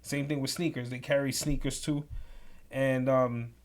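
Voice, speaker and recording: A young man telling profane, animated work stories as a podcast co-host. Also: mid-range voice, moderate pace. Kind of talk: casual storytelling.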